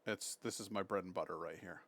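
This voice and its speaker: Streaming from his home, a deep-voiced man talks quickly and casually with his audience. Every so often he swings into gushing baby talk aimed at his dog.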